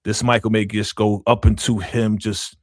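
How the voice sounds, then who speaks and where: A man's voice: on the low side, little pitch movement, moderate pace, dry recording, studio quality. A man from Harlem co-hosting a podcast, chatting playfully and teasing his co-host. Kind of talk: casual chat.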